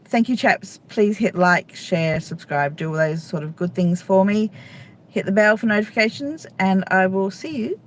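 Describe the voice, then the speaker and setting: A woman's voice: medium pitch, moderate pace, slight background noise. A middle-aged woman, a stand-up comedian, chatting casually and playfully to viewers on a live stream from a city street, talking into a phone held at arm's length. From Australia.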